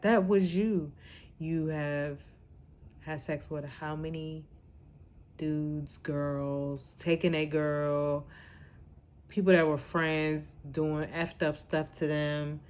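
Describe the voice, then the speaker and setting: A woman talks straight to her listeners in an exasperated, scolding rant. Her voice sits a little low and she takes her time, pausing as she builds each point. The delivery is blunt and casual, like a host venting on her own show. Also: fairly even intonation, darkish tone. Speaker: podcast host.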